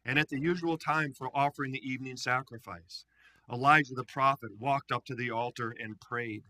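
Bright-voiced animated male pastor. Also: mid-range voice, normal speed, poor audio. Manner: animated storytelling with playful asides. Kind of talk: sermon with scripture reading.

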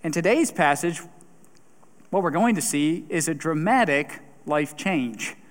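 A man's voice: fairly high pitch, lively intonation, a little slow. A man preaching a sermon in a conversational way, with a few fillers and repeated words. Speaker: pastor. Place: church sanctuary. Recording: long church reverb.

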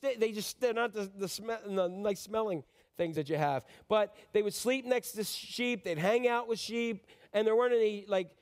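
Male pastor, high voice, chatty and joking Christmas sermon, keeps asking the congregation questions. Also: smooth. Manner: conversational and joking, asks the audience questions.

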